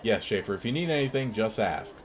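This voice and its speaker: A man's voice: fairly low pitch, animated, fairly quick, a little hiss or hum, lightly acted. A man voicing an anxious, overworked female innkeeper who speaks humbly and apologetically in a game's dialogue. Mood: timid. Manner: apologetic, timid and deferential.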